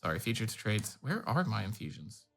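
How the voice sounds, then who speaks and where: Bright-voiced man at the game table. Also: fairly low pitch, sing-song, normal speed, soft background music. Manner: hesitant, searching. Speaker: player. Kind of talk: casual tabletop game talk.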